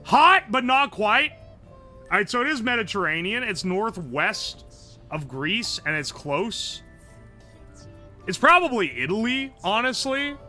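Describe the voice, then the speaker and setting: A male streamer thinking aloud over a food guessing game, excitable and profane. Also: sits high, unhurried, pauses often, faint music behind. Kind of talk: casual game commentary.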